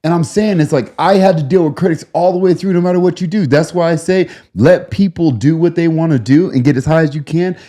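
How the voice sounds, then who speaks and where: A middle-aged man co-hosting a podcast, telling stories in a lively, repetitive way. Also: on the high side, brisk, few pauses. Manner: animated storyteller, repeats words when excited. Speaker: podcast co-host. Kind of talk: casual podcast chat, storytelling.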